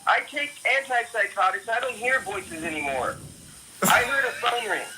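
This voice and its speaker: A man's voice: very high-pitched, lively intonation, moderate pace. A man on a phone call, confused and suspicious, rambling as he answers. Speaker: prank call target. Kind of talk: phone conversation. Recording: noisy phone line.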